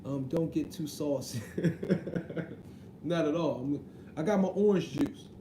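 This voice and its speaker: A man's voice: a little high, takes it slowly, dark tone, reverberant, a little hiss or hum, low-quality recording. A man, hosting a casual live stream, reading chat messages and joking around with a slangy, easygoing way of talking. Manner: joking, slangy, repeats "you know what I mean". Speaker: livestream host reading chat.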